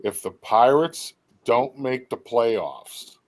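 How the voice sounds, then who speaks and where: A man's voice: mid-range voice, very animated, slow pace. A man as a guest on a livestream, casually telling teasing stories. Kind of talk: casual chat.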